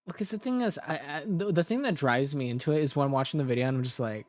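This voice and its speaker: A man's voice: on the high side, fast, a little mellow. A young adult man, an ASMR creator, rambling casually with restarts while chatting on a livestream.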